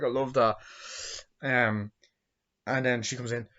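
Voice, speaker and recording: A young man in his twenties giving a rambling, profane movie review, acting out quotes in silly high voices. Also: steady tone, unhurried, pauses often, fairly bright tone, highs cut off. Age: 20s.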